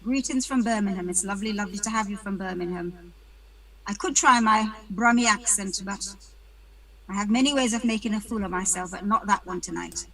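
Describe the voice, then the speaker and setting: A woman's voice: mid-range voice, brisk, sharp tone, rough recording. A woman from the UK hosting an online panel, chatting casually and greeting attendees by name with light jokes over a video call. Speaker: webinar host.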